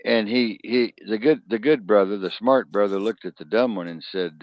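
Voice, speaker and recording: A man's voice: lowish voice, normal speed, few pauses, dry recording. A man hosting a casual talk show, telling rambling stories and crude jokes with many restarts. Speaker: podcast host. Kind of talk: casual storytelling chat. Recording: dull lo-fi sound.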